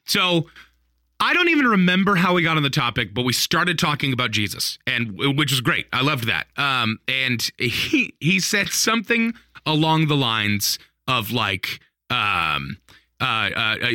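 Bright, animated male storyteller. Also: mid-range voice, moderate pace, no room sound, clean studio sound. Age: adult, married. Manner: animated storyteller, laughs often, many fillers. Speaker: podcast co-host telling a story. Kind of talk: casual chat.

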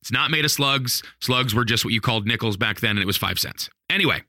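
Bright, animated male storyteller. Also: mid-range voice, quick pace, no echo, studio quality. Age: adult, married. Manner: animated storyteller, laughs often, many fillers. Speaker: podcast co-host telling a story. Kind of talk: casual chat.

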